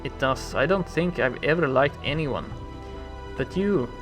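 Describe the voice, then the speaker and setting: A man's voice: on the high side, animated, measured pace. A man doing a blunt, feisty young woman over game music. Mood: flustered. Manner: blunt, folksy talk with a dropped "ya". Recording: game music playing behind.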